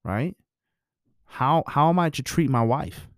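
A man's voice: medium pitch, animated, slow pace, dry recording. Blunt, profane man with a dry voice. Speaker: married man giving relationship views. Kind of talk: casual monologue.

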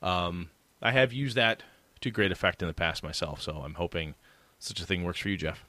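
A man's voice: low-pitched, moderate pace, dry recording. A man co-hosting a tabletop gaming podcast, chatting casually and acting out what players and game masters might say. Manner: animated, acts out quoted players and game masters. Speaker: podcast co-host. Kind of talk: casual chat.

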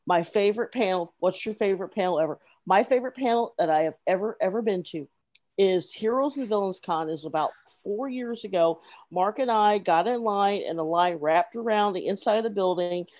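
A woman co-hosting a podcast in casual chat, sharing convention stories with quick asides. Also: medium pitch, darkish tone. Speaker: podcast co-host.

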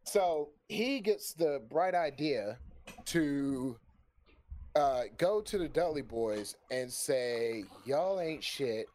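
A man's voice: mid-range voice, slow. A man telling a long story in casual chat, swearing freely and laughing often. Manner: profane, animated, laughs often. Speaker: storyteller on a stream.

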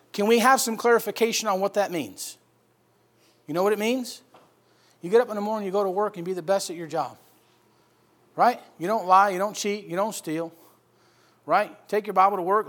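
A man preaching a sermon, swinging from loud emphatic bursts to quiet storytelling. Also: sits high. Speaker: pastor.

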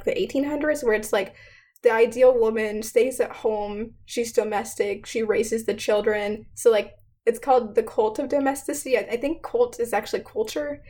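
Young woman explaining history, kinda high voice, lots of um and like, laughs a bunch. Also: a little mellow. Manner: chatty, heavy on fillers, laughs often. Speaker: student presenter.

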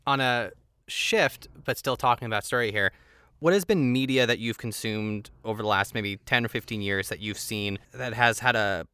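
Bright, crisp-voiced male host. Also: fairly low pitch, no echo. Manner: brief agreeing replies, questions. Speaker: podcast host. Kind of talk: casual chat.

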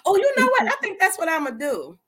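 A woman's voice: very high-pitched, huge pitch swings, quick pace, crowd noise. A woman co-hosting a casual group podcast, talking candidly and laughing often. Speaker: podcast co-host.

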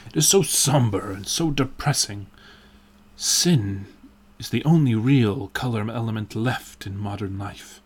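A man reading the part of a languid, witty aristocratic gentleman in an audiobook, in a dreamy, drawling, ironic way. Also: lowish voice, unhurried, breathy edge.

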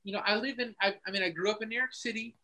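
Man, Northeastern American accent, bright forceful voice, podcast guest, rambling, swears a lot. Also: sits high, fairly even intonation, racing, low-quality recording. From Northeastern United States. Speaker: guest musician. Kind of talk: casual podcast chat.

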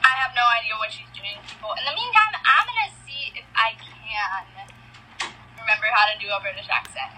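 A woman's voice: on the high side, lively intonation, fairly quick, bright, forceful tone, slight background noise, rough recording. A young female co-host chatting casually on a podcast, chatty and giggly. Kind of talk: casual chat.

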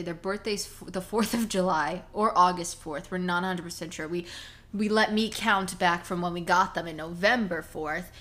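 A woman co-hosting a podcast, telling stories in a casual, animated chat full of fillers. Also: lowish voice. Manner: chatty, animated storytelling with many fillers. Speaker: podcast co-host.

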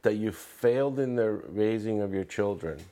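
A host reflects aloud on his guest's story in a casual, thinking-out-loud way. His voice is low and steady. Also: normal speed. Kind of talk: casual chat.

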